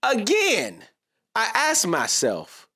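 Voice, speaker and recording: A man's voice: high voice, wildly swooping pitch, slow, pushed and bright. A man giving a casual, slangy sports reaction monologue, talking straight to his viewers.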